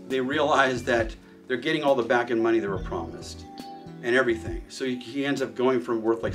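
A man of middle pitch tells long, rambling stories from his shooting range and swears freely along the way. His voice sounds a bit distant from the mic, with faint music underneath. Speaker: shooting range owner and firearms trainer. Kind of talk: casual storytelling in an interview.

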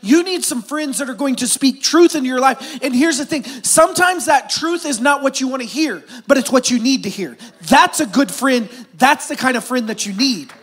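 A man with a very high voice preaches a sermon. He is middle-aged and moves between animated, raised passages and quiet, hushed ones. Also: normal speed, hardly any pauses, breathy edge. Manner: animated preaching with sudden soft, hushed stretches. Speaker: pastor.

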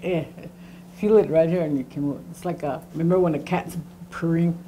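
A woman's voice: low voice, fairly even intonation, brisk, dark tone, a little hiss or hum. A woman teaching a language class, patiently repeating sounds to demonstrate them. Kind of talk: classroom lesson.

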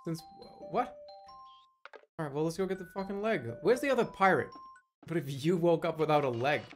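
A man's voice: fairly high pitch, brisk, darkish tone, soft background music. A man streaming a video game and giving casual commentary, rambling and joking with a lot of swearing. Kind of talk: casual let's-play commentary.

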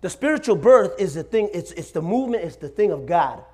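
A man in his forties preaches in a church with a high, lively voice that climbs and drops all over the place. He tells stories with humor and checks in with the room, asking "Amen?" as he goes. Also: fairly quick, slightly rough. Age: 40s. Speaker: pastor. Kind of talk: sermon. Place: church sanctuary.

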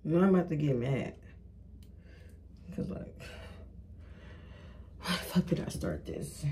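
Woman, mellow voice, casual profane vlog chatter to viewers. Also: low voice. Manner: frustrated, profane, talking to viewers. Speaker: beauty vlogger. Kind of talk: casual self-filmed hair vlog.

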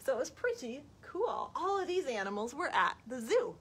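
A woman's voice: high-pitched, sing-song, moderate pace, slightly rough. A woman, a children's librarian, reading a picture book aloud at storytime in a sing-song voice and coaxing young listeners with questions. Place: library, recorded for a live video stream.

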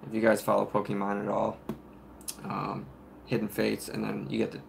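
A man hosting a casual live stream, rambling in a relaxed way with plenty of fillers. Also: on the low side, moderate pace, vocal fry, a little hiss or hum.

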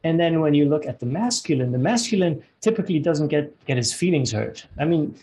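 A man's voice: on the high side, expressive, brisk, mellow, rough recording. A man working as a relationship coach, talking earnestly in a podcast interview and often repeating words as he searches for them. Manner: earnest, repeats words while searching, acts out quoted dialogue.

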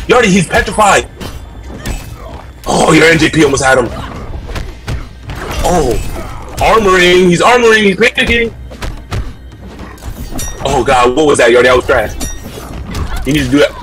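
A man on a headset mic giving loud, heated live commentary on fighting-game matches, shouting often, repeating himself and trash-talking with profanity. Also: high voice, normal speed, pauses often, soft background music. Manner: loud, excitable trash-talk with frequent shouting.

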